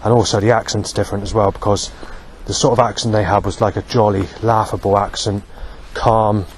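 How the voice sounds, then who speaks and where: A man's voice: on the low side, little pitch movement, a little fast, a little hiss or hum. A man rambling through a walking monologue outdoors, full of fillers and asides. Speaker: vlogger. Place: outdoors on a street.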